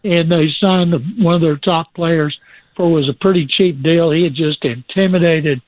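A man spinning lively sports anecdotes as a guest, doing quick impressions of the people in them. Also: a little high, no echo. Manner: lively, imitates people in his stories. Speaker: guest recounting sports stories. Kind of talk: anecdotal storytelling. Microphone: phone. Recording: tinny phone line.

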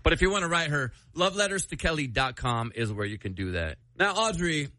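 A man's voice: a little high, sing-song, fairly quick, bright, forceful tone, dry recording. A man hosting a radio show, bantering playfully in casual chat.

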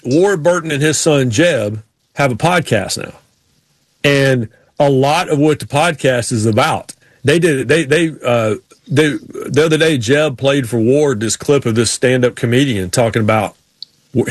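A man's voice: mid-range voice, normal speed, breathy edge, no room sound. A man hosting a podcast, telling sports stories in a casual chat and mimicking drawling racers. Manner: storytelling, imitates drawling racers. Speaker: podcast host.

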